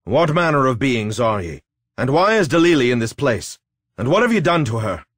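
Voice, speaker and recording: A man's voice: a little high, moderate pace, no echo, clean studio sound, pitched above the performer's own voice, lightly acted. A man reading aloud and voicing a desperate young prince who speaks with urgent passion in a storybook tale. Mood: impassioned. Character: anguished young male prince, desperate lover.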